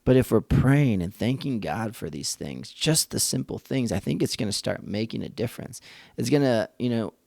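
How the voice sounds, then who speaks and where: A man's voice: mid-range voice, expressive, normal speed, creaky, darkish tone, no echo. A man hosting a faith-based parenting podcast, talking earnestly in a conversational, thinking-aloud way. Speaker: podcast host and father.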